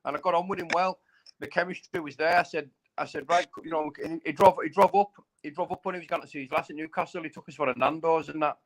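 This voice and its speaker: A man's voice: on the high side, fairly even intonation, quick pace, low-quality recording. Blunt, slang-heavy man in his thirties. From England. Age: 30s. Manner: blunt, slangy, repeats "you know what I mean". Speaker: bare-knuckle fighter. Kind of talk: casual live chat.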